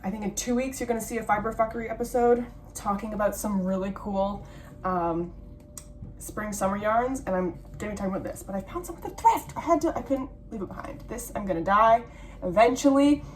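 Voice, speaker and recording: A woman's voice: medium pitch, fairly quick. A young woman chatting casually and rambling, swearing freely as she shows yarn and dyes it at home. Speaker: vlogger, yarn dyer.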